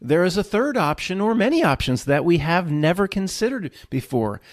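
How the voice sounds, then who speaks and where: A man's voice: high-pitched, very animated, moderate pace, no room sound. A man giving an irreverent solo monologue and acting out voices. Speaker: vlogger.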